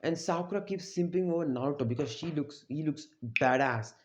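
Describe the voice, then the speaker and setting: Man, casual storytelling, rambling, slightly high, roomy, dull sound. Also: fairly quick, noisy background. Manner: rambling, full of likes and restarts. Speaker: youtuber retelling a fan story. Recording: roomy, dull lo-fi home recording.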